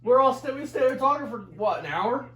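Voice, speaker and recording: A man in his twenties tells a profane story in casual chat, animated and laughing as he goes. His voice sits high for a man. The room around him echoes. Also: a little fast. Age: 20s.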